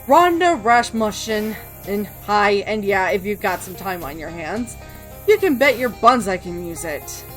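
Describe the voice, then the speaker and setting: A woman voicing a gruff, folksy female swamp pilot in a comedy game, reading her lines with a plain drawl. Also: mid-range voice, expressive, measured pace, soft background music, lightly acted.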